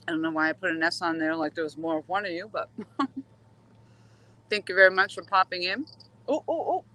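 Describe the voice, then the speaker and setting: A woman's voice: on the low side, fairly even intonation, moderate pace, sharp tone, rough recording. A woman vlogging outdoors from a waterway dock, chatting casually with live viewers and coaxing the fish aloud as she waits for a bite. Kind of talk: casual live-stream chat.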